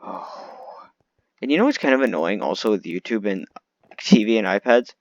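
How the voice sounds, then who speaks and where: Rambling, complaining man with lively pitch. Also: normal speed, no echo, dull audio. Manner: rambling, complaining, many restarts. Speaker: vlogger. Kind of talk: unscripted rant.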